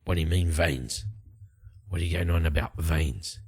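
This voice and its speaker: Guy voicing a stern hooded rogue, deep voice, short pressing questions. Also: moderate pace, husky, dry recording, studio quality, full character voice.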